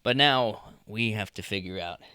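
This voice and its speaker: A young man co-hosting a casual podcast chat, laughing often and trailing off quietly. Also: fairly low pitch, normal speed, clear, resonant tone, no echo, clean studio sound. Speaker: podcast co-host.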